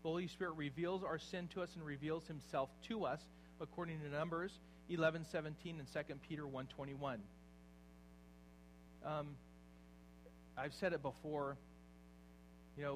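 A man preaching a sermon, dropping to quiet, low asides and then rising into loud exhortation. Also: fairly even intonation, moderate pace, long pauses, low-quality recording. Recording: faint mains hum behind.

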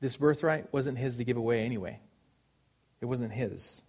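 A man's voice: medium pitch, moderate pace, darkish tone, husky. A man preaching a sermon, earnest and emphatic, repeating phrases for stress.

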